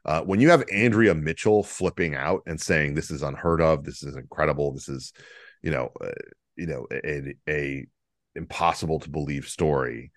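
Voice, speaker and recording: A deep-voiced man talks through the news in a loose, joking podcast chat. He rambles, restarts and fills gaps with "uh" while chuckling. The sound is dry and close. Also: normal speed, dry recording. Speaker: podcast co-host. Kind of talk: casual political comedy chat.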